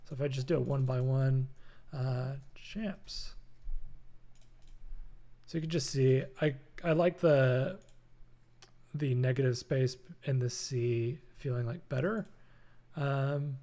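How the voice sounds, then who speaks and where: A young man hosts a casual live-streamed design tutorial from his home apartment, speaking in a mellow, mid-range voice. He takes it slowly with frequent pauses, talks loosely with lots of fillers, and reads chat messages aloud.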